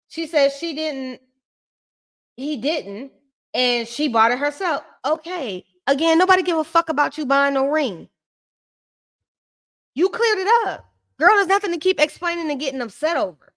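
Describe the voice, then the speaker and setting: A woman with a voice pitched a little on the high side talks through a reality show episode in casual recap commentary. Her delivery is sassy and blunt, full of slang and direct asides to the people on screen. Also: animated, normal speed, long pauses, fairly bright tone.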